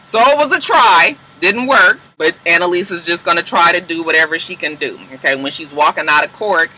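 A man giving a sassy, animated recap of a TV episode, slipping into quoted character voices. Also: on the high side, a little fast, low-quality recording. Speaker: TV show reviewer.

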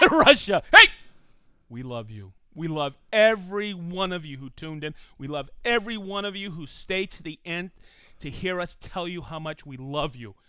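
A man's voice: high voice, huge pitch swings, moderate pace, pushed and bright, clean tone, no room sound. A man hosting a live stream, cheerfully reading out viewers' hometowns and joking with his crew. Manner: upbeat, reads viewer locations aloud, jokey. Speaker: live show host. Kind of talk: casual live-stream chat.

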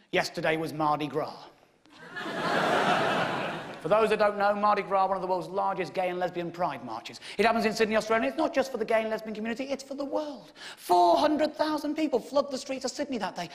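A man in his thirties from England doing stand-up in a theatre, telling a story and shouting and swearing at the audience. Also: high voice. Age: 30s. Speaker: stand-up comedian. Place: theatre stage with a live audience. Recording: live theatre recording with audience and background noise.

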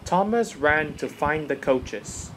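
A man's voice: fairly high pitch, expressive, takes it slowly, fairly bright tone, a little hiss or hum, low-quality recording. A man reading a children's railway story aloud as the narrator.

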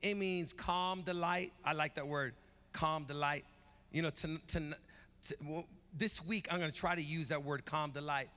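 Man, sermon, bright forceful tone, long church-hall reverb. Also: a little high, fairly even intonation, unhurried. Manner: rhythmic preaching with rising emphatic build-ups. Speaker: pastor. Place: church sanctuary.

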